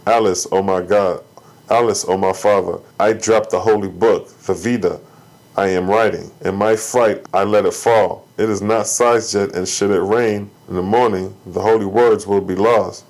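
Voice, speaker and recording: A man's voice: on the low side, steady tone, normal speed, a little mellow, natural voice, poor audio. A frightened young scribe, read by a man. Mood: fearful. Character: frightened scribe son, anxious.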